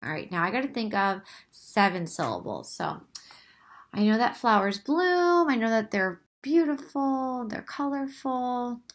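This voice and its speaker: A woman's voice: on the high side, big pitch swings, unhurried. A young woman teacher giving a recorded lesson, speaking patiently, drawing out her words and often checking in with "okay?".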